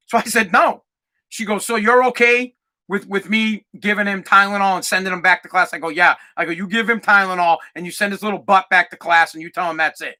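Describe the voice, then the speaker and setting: Male podcast host, comic storytelling rant, bright tone, swears, gets loud. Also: high voice, fairly quick. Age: adult parent of a twelve-year-old. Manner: animated, acts out voices, swears, gets loud when ranting.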